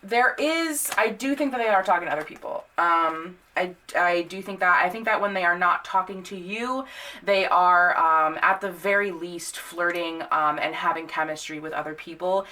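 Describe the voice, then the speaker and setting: Young woman tarot reader, bright tone, chatty and filler-heavy, blunt when riled. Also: lowish voice, moderate pace. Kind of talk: casual tarot reading to camera.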